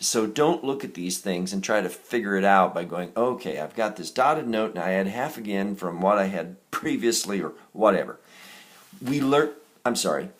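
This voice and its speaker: A man teaching a recorded music reading lesson, explaining note values patiently and correcting himself now and then. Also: on the low side. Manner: patient, counts beats aloud in a raised chant; steady and explanatory, with small self-corrections.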